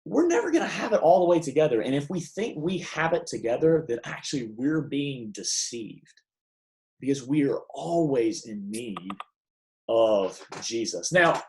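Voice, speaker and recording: A man's voice: mid-range voice, big pitch swings, moderate pace, a little mellow, poor audio. A young man giving a devotional sermon in a casual, emphatic way, with many restarts. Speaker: preacher.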